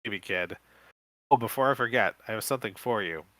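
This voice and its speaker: A man's voice: lowish voice, a little fast, fairly bright tone, no room sound, natural voice, rough recording. A man voicing a determined uncle who hunts zombies and gives commands. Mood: commanding. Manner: commanding, encouraging. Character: determined adult male uncle, zombie hunter.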